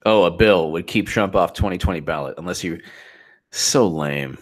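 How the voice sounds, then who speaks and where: A man's voice: deep voice, quick pace. A man hosting his own political commentary channel, talking off the cuff in a sarcastic, incredulous and exasperated way.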